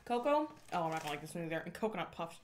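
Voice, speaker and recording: A woman's voice: fairly low pitch, very animated, very fast, slight background noise. A young woman co-hosting a casual snack-tasting vlog, reading box descriptions aloud and chatting with laughs. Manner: chatty, reads aloud then comments with laughs. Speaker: vlog co-host.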